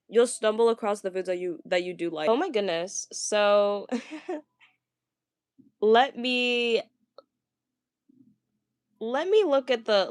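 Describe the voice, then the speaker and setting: A woman's voice: mid-range voice, a little mellow, dry recording, studio quality. A woman vlogger in casual livestream chat, stuttering and stumbling over words with many fillers, gushing as she answers viewers. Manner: chatty, gushing. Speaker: vlogger reading viewer comments.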